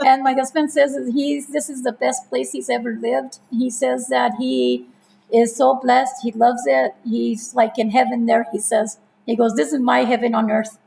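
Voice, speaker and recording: A woman's voice: high voice, moderate pace, gravelly, rough recording. A woman of fifty or more with a New Mexican accent, telling her life story casually as an interview guest, laughing often and acting out past conversations. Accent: New Mexican English. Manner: laughs often, animated retelling with quoted dialogue.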